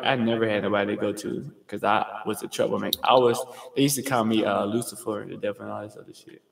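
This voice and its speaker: Gravelly young man rambling, roomy echo. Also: mid-range voice. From US state of Georgia. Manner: rambling, profane, slangy; fast talker. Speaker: livestream host. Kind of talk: casual storytelling monologue. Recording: roomy with long reverb.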